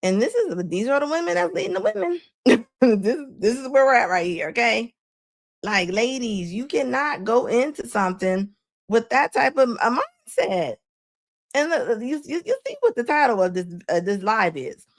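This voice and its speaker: A woman's voice: a little high, very animated, moderate pace, vocal fry. A woman hosting a live stream, giving casual reaction commentary with frequent laughs and preachy asides to her viewers.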